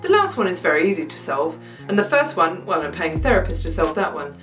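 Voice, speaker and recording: A woman, doing a self-mocking comic monologue with wry deadpan asides. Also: lowish voice, fast, faint music behind. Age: 30s. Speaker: comedian. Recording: roomy sound, mic at a distance.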